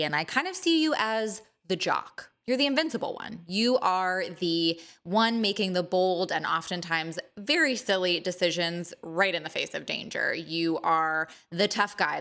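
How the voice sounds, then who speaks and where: A woman's voice: fairly low pitch, a bit bright. A woman hosting an astrology video, teasing the signs in a chatty, mock-dramatic monologue. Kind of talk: casual playful monologue to camera.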